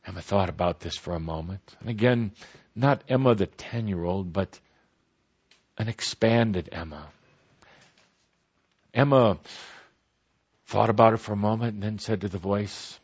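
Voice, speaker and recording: A man telling a story aloud in a slow, gentle way with pauses. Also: fairly low pitch, slightly rough. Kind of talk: spoken storytelling. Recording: dull lo-fi recording.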